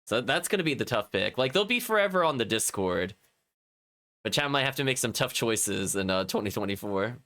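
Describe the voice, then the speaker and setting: Male streamer, casual chatty commentary, very animated, bright tone. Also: mid-range voice, fairly quick. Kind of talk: casual let's-play commentary.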